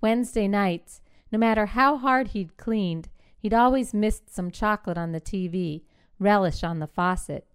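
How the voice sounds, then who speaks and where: Podcast story reader; woman, mid-range pitch, very clear, crisp measured delivery. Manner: measured, clipped storytelling phrasing. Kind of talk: literary fiction reading.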